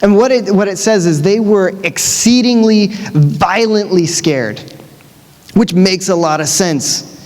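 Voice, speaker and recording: A preacher with a high male voice gives a sermon in a large church, telling the story casually with lively, conversational asides. He speaks a little slowly, and a long reverb rings around the hall.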